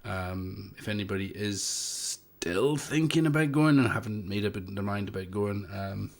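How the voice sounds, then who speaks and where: With vocal fry in a voice on the low side, a Scottish man from the Isle of Lewis talks a little slowly during his casual livestream. The hobbyist hardware maker fields viewer questions in a hesitant, rambling manner full of fillers.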